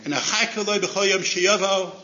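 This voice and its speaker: A man's voice: high voice, steady tone, normal speed, pushed and bright, roomy sound, lo-fi sound. A man giving a Torah lecture as a rabbi, telling stories and acting out the characters' lines with sudden rises in voice.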